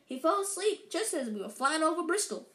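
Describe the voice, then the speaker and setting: A woman voicing a huge, gentle male giant who sniffles through rough, apologetic lines, read aloud from a storybook in an echoey room. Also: very high voice, sing-song, a little fast, voice pushed up, heavily acted. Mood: earnest.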